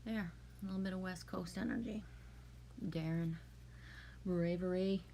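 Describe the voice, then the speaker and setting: A woman's voice: lowish voice, fairly even intonation, unhurried, mellow, slight background noise. A woman hosting a casual livestream, reading out and answering her viewers' comments in a chatty, emotional way. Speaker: livestream host. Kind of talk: casual chat with a live audience.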